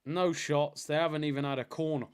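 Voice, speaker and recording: A man's voice: on the high side, steady tone, fairly quick, clear, resonant tone. Chatty male watchalong host. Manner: chatty banter with slang. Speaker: livestream host. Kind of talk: casual watchalong commentary.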